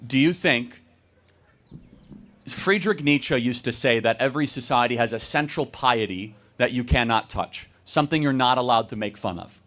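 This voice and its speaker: A man hosting a campus debate, arguing quickly and assertively with audience members, with a sarcastic streak. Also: medium pitch, a bit bright. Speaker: debate host taking audience questions.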